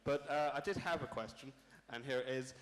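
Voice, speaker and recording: A man's voice: mid-range voice, fairly quick, fairly bright tone. A man in the audience asking a question at a live panel, rambling and apologetic with jokes. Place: large convention hall. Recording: reverberant convention hall.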